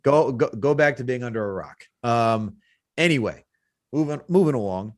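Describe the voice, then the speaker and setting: A man co-hosting a casual sports podcast, his voice leaping upward whenever he gets excited. He rambles and restarts but keeps an animated, easygoing flow. The sound is dry and close, with no room around it. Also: normal speed, no echo. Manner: animated, rambling, jumps in pitch when excited. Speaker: podcast co-host.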